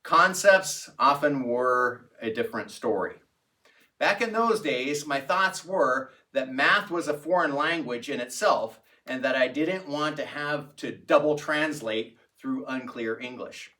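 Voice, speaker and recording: A man narrating a personal anecdote in a reflective, unhurried storytelling manner. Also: medium pitch, animated, pushed and bright, distant mic. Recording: voice set back from the mic.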